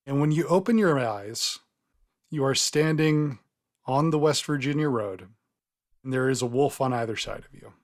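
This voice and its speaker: Laid-back game master narrating. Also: mid-range voice. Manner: hesitant fillers, relaxed descriptive narration.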